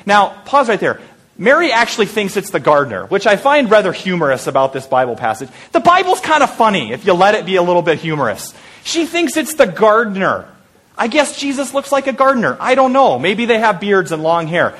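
High-voiced preacher telling an Easter story. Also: male voice, wildly swooping pitch, a little fast. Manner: storytelling, drops to a hushed voice for intimate moments; lighthearted asides. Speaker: pastor. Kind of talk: Easter sermon.

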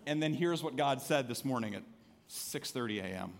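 A man preaching a sermon as pastor, conversational and swinging between soft asides and emphatic calls to the congregation. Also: mid-range voice, animated, normal speed, big-room sound, slight background noise. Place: church sanctuary.

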